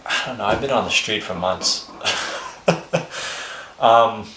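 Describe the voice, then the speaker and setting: A man's voice: fairly low pitch, slow pace, pushed and bright. A man casually telling his life story on a vlog, rambling and swearing freely, with chuckles between phrases. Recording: roomy echo.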